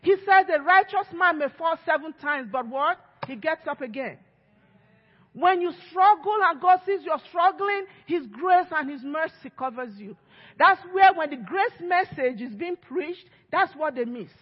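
A woman's voice: very high-pitched, animated, a little slow. Woman pastor, emphatic sermon, long church echo, dull lo-fi sound. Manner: emphatic preaching, acts out quoted voices. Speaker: lead pastor. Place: church sanctuary.

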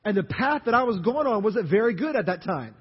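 High, husky preaching man from Louisiana. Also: brisk. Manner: animated, asks the congregation questions. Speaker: pastor. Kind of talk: sermon. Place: church sanctuary. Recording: dull audio, long hall reverb.

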